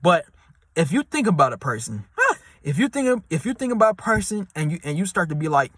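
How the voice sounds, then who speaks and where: Bright-voiced man giving slangy relationship advice. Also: sing-song, a little fast, no echo. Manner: slangy, repetitive, street-talk delivery; acts out quoted voices in a high pitch. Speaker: advice vlogger. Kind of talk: casual advice monologue.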